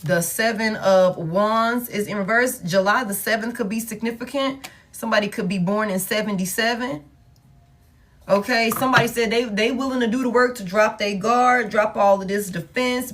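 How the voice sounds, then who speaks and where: A woman's voice: fairly high pitch, moderate pace, fairly bright tone. Blunt, profane woman reading tarot. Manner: blunt and profane, with emphatic repetition. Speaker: tarot reader. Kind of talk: casual tarot reading monologue.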